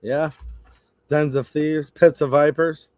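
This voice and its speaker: Male live-stream host with a somewhat high voice and a dry, close sound; blunt, opinionated, casual, chatting to viewers. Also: level tone, slow pace, darkish tone, no echo. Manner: blunt, opinionated, talks straight to chat.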